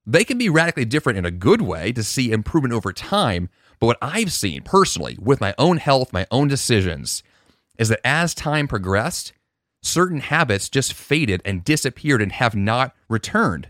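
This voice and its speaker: A man talks through his podcast alone, earnest and reflective, often backing up and restarting a thought. His voice sits in a middle pitch. The sound is dry and close, with no room around it. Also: sing-song, normal speed, a bit bright, dry recording. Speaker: podcast host. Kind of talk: casual solo podcast monologue.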